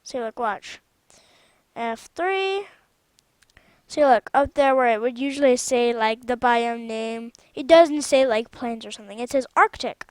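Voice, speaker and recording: A woman with a high voice talks slowly and loosely through gameplay commentary on a mod she built. She rambles and often stops mid-sentence to correct herself. The sound is dry and close, with no room echo. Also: clean tone. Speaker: channel host showing her own game mod.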